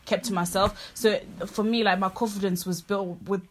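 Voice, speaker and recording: A young woman co-hosting a relaxed podcast conversation. She sounds outgoing and self-assured, speaking in a mid-range voice and laughing easily between points. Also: mid-range voice, moderate pace. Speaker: podcast co-host. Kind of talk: casual chat.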